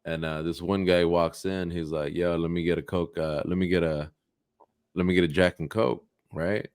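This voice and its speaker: A man's voice: low voice, little pitch movement, normal speed, darkish tone, smooth, no room sound, clean studio sound. A man co-hosting a comedy podcast, casually chatting and telling a crude bar joke with swearing and acted-out voices. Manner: storytelling, swearing, acts out voices in jokes. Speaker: podcast co-host.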